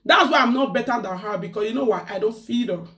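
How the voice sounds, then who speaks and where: A woman's voice: a little high, fast talker, fairly bright tone, far from the mic. A woman with a Nigerian accent ranting in casual chat as a live-stream host, slipping pidgin into her English.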